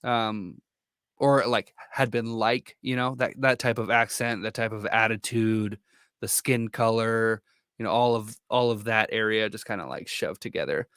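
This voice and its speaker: A man's voice: fairly low pitch, clean tone, no echo, clean studio sound. A young man co-hosting a casual podcast, talking about a film with enthusiasm and lots of fillers. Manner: enthusiastic, many fillers, quick bursts of excitement. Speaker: podcast co-host.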